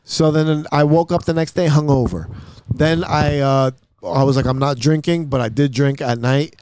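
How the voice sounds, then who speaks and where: A man with a fairly high voice tells a rambling story on a podcast. His talk is casual and profane, and he drops to a hush when acting out his own lines. The studio sound is close and dry. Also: fairly even intonation, normal speed, clear, resonant tone, dry recording. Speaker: podcast host.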